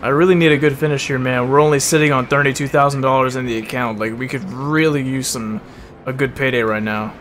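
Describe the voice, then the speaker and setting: A young man giving casual commentary while playing a racing game, full of bro and swearing, sometimes flaring into loud angry rants. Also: medium pitch, fairly even intonation, fast, a little hiss or hum. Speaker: gaming video host.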